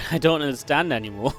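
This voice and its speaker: Man with a mild Geordie accent, casting. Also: medium pitch. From Northern England. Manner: chatty and laid-back between plays, quick and lively during fights. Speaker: esports caster. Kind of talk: live game commentary with casual chat.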